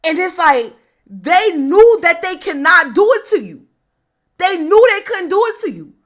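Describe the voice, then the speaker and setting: High, bright woman; emphatic spiritual monologue, repetitive, talks straight to camera. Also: sing-song, measured pace. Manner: emphatic, repetitive, addresses viewers as y'all. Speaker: spiritual video host. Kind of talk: casual spiritual monologue to viewers.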